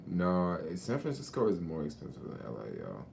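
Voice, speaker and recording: A man's voice: deep voice, wildly swooping pitch, moderate pace, vocal fry, darkish tone, slight background noise. A man chatting casually in a vlog, laid-back and slangy, swearing and laughing often, talking outdoors at a beach. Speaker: vlogger. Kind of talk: casual rambling chat.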